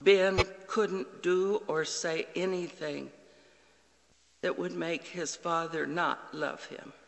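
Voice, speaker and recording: Male pastor, sermon delivery, bright slow voice with long reverb. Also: on the high side, fairly even intonation, vocal fry, a little hiss or hum. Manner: slow, earnest preaching with quoted dialogue.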